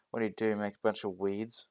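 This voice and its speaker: A man's voice: lowish voice, a little mellow, clear, resonant tone, dry recording, clean studio sound. A man voicing a hostile, sneering teenage boy who swears and taunts, in a homemade fan story.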